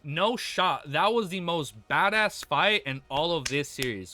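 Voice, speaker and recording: A man's voice: on the high side, unhurried, few pauses, soft background music. Hyped young man reading and reacting. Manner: hyped, swears a lot, slangy, stammers when excited. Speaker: streamer reading and reacting to a web novel. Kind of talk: excited reaction stream, reading aloud.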